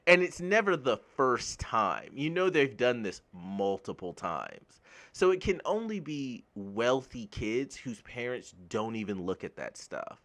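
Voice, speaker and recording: A man from the United States giving a casual, blunt gaming commentary rant, swearing freely and getting animated when worked up. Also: medium pitch, a little slow. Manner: blunt, swears freely, laughs at own jokes. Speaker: gaming YouTuber.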